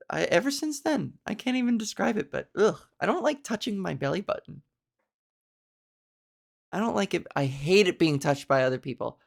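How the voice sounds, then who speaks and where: On her podcast, a female comedian chats her way through a story in a gravelly voice, her pitch rising and falling in big, animated swings.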